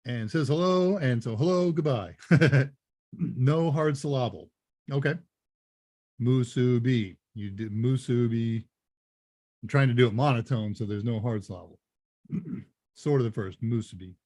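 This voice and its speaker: A man's voice: medium pitch, a little mellow. A middle-aged man hosting a live Q&A stream, chatting casually, rambling and correcting himself, laughing now and then. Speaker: live Q&A show host.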